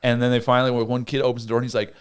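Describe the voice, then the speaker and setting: A man's voice: medium pitch, rapid-fire, a crowd in the background. A young man, a podcast host, telling a story in casual chat and acting out the voices in it. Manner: animated storyteller, acts out voices.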